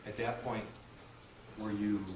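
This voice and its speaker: A man's voice: fairly low pitch, level tone, takes it slowly. Distant-sounding male attorney questioning. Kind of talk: courtroom examination. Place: courtroom. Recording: roomy, distant, noisy courtroom audio.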